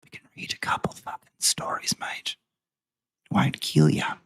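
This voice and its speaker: A man doing a brash, cocky male schoolteacher in a breathy whisper and casual swearing. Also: unhurried, a bit bright, lightly acted.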